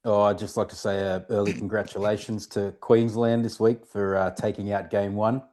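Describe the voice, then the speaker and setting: A man in casual podcast banter, joking deadpan. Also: fairly low pitch, moderate pace.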